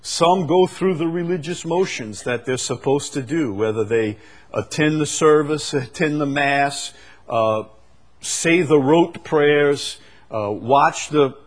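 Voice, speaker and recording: A man preaching a sermon, moving from quiet, conversational explanation to loud, emphatic, repeated declarations. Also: mid-range voice. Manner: swings from quiet explaining to shouted emphatic climaxes.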